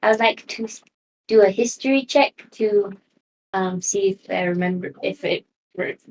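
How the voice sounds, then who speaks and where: A woman playing a tabletop game, speaking softly and hesitantly in casual chat. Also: medium pitch, a little slow, slight background noise, rough recording. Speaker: player.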